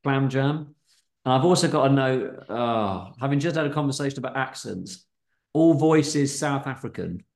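A man's voice: mid-range voice, expressive, normal speed, darkish tone, echoey room. A man hosting a comedy podcast, reading stories aloud in a hesitant, stumbling, giggly way.

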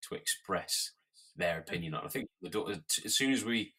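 A man's voice: low-pitched, lively intonation, moderate pace, pushed and bright, husky. A man co-hosting a casual podcast chat, thinking aloud and tripping over words.

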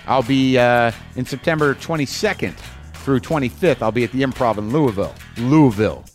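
A man's voice: medium pitch, a little fast, soft background music. A man, a podcast host, signing off from a hotel room with chatty, rambling plugs and a self-deprecating tone. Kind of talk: show outro.

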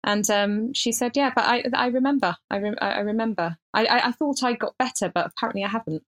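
A woman's voice: a little high, quick pace, a bit bright. A middle-aged woman, co-hosting a casual podcast chat and telling stories with lots of restarts. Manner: chatty storyteller, frequent restarts and laughter. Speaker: podcast co-host.

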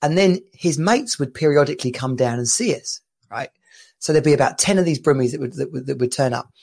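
A gravelly, creaky-voiced man hosting a relaxed podcast, with a mid-pitched voice. He tells stories with laughter and lots of restarts. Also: a little fast. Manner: chatty, laughing storyteller with many restarts. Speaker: podcast host. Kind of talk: casual chat. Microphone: home podcast mic.

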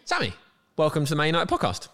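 A man's voice: a little high, huge pitch swings, quick pace, fairly bright tone, soft background music. A man co-hosting a podcast, chatting casually with jokey asides. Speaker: podcast co-host.

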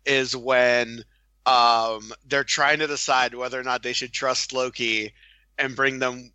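A man's voice: medium pitch, little pitch movement, slow, pushed and bright, smooth, no room sound, lo-fi sound. A man co-hosting a casual film podcast, enthusiastic, laughing often and acting out movie lines. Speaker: podcast co-host.

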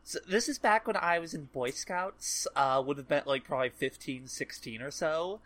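Wry podcast co-host with a bright voice. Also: mid-range voice, moderate pace, no room sound. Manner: wry, sardonic storytelling. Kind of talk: casual chat.

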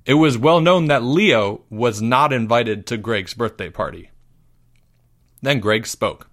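A man hosting a podcast and reading a children's story aloud in a steady storytelling manner. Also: mid-range voice, slow pace.

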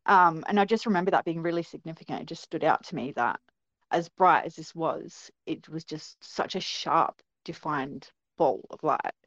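A woman's voice: deep voice, normal speed, dry recording, highs cut off. A woman, recounting what she saw in a casual interview, earnest and hesitant with many ums. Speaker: guest recounting a sighting.

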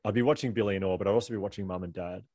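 Australian male guest, low-ish, fast talker, animated raconteur, dry recording. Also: no room sound. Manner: animated, laughing storyteller with fast rambling delivery. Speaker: author and guest. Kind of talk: casual storytelling interview.

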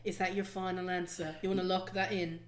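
A woman's voice: fairly low pitch, level tone, a little fast. Playful Dublin woman host, roomy sound. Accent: Dublin Irish. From Swords, North Dublin, Ireland. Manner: playful, swears freely, bursts into sung snatches. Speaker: podcast host. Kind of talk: casual chat. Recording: roomy echo.

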